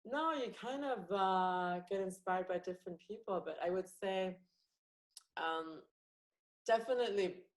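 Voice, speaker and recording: A young woman comedian from France with an international English accent, chatting on a podcast, lively with many fillers and restarts. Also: mid-range voice, unhurried, low-quality recording. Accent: international English, no French accent. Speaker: comedian and actress guest. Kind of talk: casual podcast chat.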